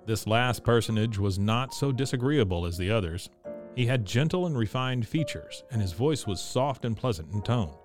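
A man narrating a classic storybook in a steady, measured reading. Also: mid-range voice, music in the background. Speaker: audiobook narrator.

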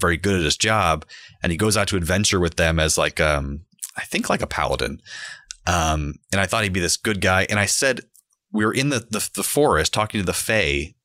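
A man tells gaming stories in a relaxed chat and keeps breaking into laughter. His voice sits very low but sounds bright, with lively swings in pitch. The recording is dry and close. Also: no echo. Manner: laughs often while telling stories. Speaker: tabletop gamer in a podcast conversation. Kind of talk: casual chat.

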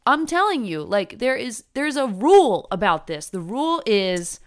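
Female sports podcast co-host, smooth clear tone, casual and emphatic. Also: a little high, moderate pace. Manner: animated, laughing, emphatic.

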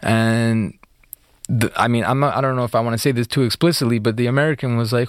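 A man's voice: medium pitch, quick pace, no echo, studio quality. A man being interviewed about his past, telling the story in a casual, conversational way with lots of "like" and "you know.".

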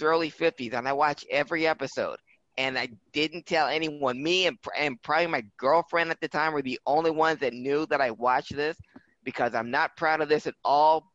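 A man in his fifties co-hosting a podcast, telling stories in a casual, animated, self-mocking way. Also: fairly high pitch, no echo, muffled recording. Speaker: podcast co-host. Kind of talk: casual chat.

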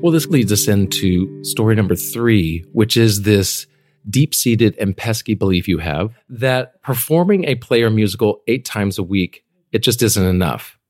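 A man's voice: lowish voice, animated, a little slow, a little mellow, faint music behind. A man hosting a podcast, leading a conversational interview with friendly questions. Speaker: podcast host.

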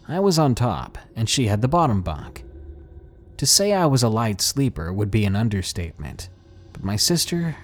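A man reading a first-person horror story aloud as narrator, dramatic and expressive, slowing down for suspense. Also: medium pitch.

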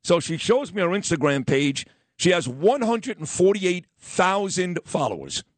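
Wisecracking radio host. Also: male voice, high voice, measured pace, no room sound. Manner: animated, wisecracking, acts out others in quoted voices. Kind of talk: casual storytelling and sports talk.

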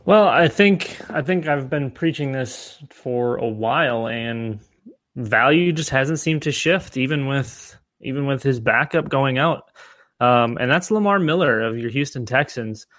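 A man's voice: mid-range voice, expressive, unhurried, fairly bright tone, dry recording. A man co-hosting a podcast, talking casually and rambling with many restarts and fillers. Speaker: podcast co-host. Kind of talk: casual fantasy football discussion.

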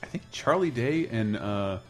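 A man hosting a casual chat, animated and laughing often, swearing freely. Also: mid-range voice, unhurried, soft background music.

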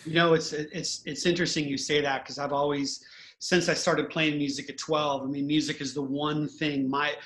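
A man's voice: fairly high pitch, flat delivery, normal speed, fairly bright tone, slight background noise. A man hosting a casual podcast conversation, speaking in an earnest, heartfelt way with run-on thoughts. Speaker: host, musician.

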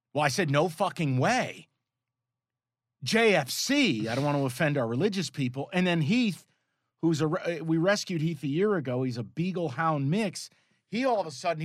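Male podcast co-host, slightly high voice, exasperated and profane, dry studio sound. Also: fairly bright tone, dry recording. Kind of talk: casual sports betting chat.

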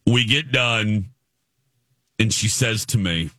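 A man in his forties hosting a radio show, telling a self-deprecating story in an animated way. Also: on the low side, slow, dry recording. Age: 40s. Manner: animated, self-deprecating, mimics people he meets. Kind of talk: casual morning-show storytelling. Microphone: studio microphone.

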